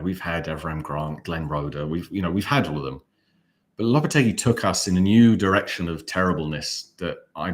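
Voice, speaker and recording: A man with an English accent co-hosting a casual fan watch-along, speaking in a well-enunciated, wry and rambling way. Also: low voice. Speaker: fan channel co-host.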